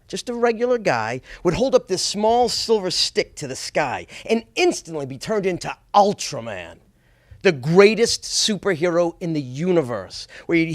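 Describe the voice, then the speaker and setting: A middle-aged man from Boston telling a personal story on stage, expressive with small stammers. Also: sits high, dry recording, clean studio sound.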